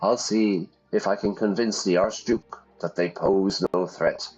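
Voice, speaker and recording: A stately, commanding older nobleman from a story game, voiced by a man who raises his voice above his own deep register. He speaks in formal, measured lines, his tone a little husky. The recording is dull and lo-fi, with soft music underneath. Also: fairly even intonation. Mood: gracious. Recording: slightly dull lo-fi sound with faint music.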